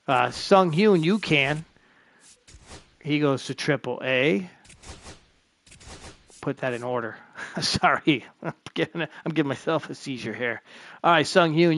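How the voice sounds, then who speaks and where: A man's voice: a little high, fairly bright tone, no room sound. A man streaming a baseball management game, chatting to himself as he sorts through his roster. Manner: chatty, talks to himself while sorting players. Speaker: gaming streamer. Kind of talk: live commentary while playing a baseball game.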